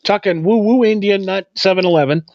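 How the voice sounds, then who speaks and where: A man's voice: high-pitched, a little fast, vocal fry, no room sound, muffled recording. A man co-hosting a casual chat, joking crudely and drifting into tangents. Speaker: podcast co-host.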